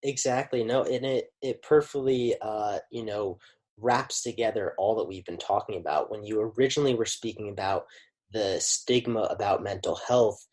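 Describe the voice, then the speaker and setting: A man's voice: fairly low pitch, moderate pace, a little mellow. A man hosting a podcast, agreeable, with frequent "you know". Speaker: podcast host. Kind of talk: conversational interview.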